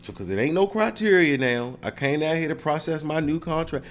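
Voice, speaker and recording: A man talks casually to the camera, animated and joking, acting out confrontations with mock questions. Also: on the high side, fairly quick, few pauses, a little hiss or hum. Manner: animated, joking, mock-confrontational role-play with frequent laughs. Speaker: speaker giving advice to viewers.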